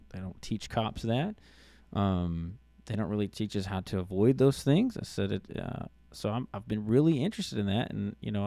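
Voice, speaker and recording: A middle-aged man, a podcast host, telling a personal story in a casual, halting way with many restarts and fillers. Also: fairly low pitch, gravelly, mellow, no echo.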